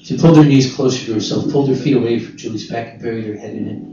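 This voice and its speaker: A man reading literary fiction aloud in a measured, unhurried way. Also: medium pitch, warm tone. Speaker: narrator. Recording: roomy distant dull recording with guitar.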